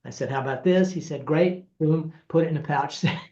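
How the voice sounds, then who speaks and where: A screenwriter recounting studio anecdotes, lively and acting out the people he quotes, laughing as he goes. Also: on the high side, a little fast. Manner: animated, acts out quoted voices, laughs through stories. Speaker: screenwriter guest. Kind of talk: anecdotal storytelling. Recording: roomy, dull lo-fi sound.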